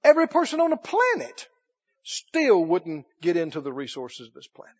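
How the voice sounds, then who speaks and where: A man preaching a sermon emphatically, repeating phrases and rising into shouts. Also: high-pitched, huge pitch swings, moderate pace, slightly rough. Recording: dull lo-fi recording.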